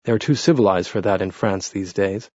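A man voicing a cool, sarcastic Bavarian lawyer in an audiobook, with a husky, dry delivery. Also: sits low, fairly quick, a little mellow, dry recording, dull audio. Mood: ironic.

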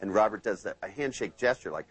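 A man leads a live seminar in a low, slightly husky voice. He mixes playful anecdotes with instruction. When demonstrating suggestions he drops into a slow, hypnotic delivery. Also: expressive, low-quality recording. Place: seminar room with live audience.

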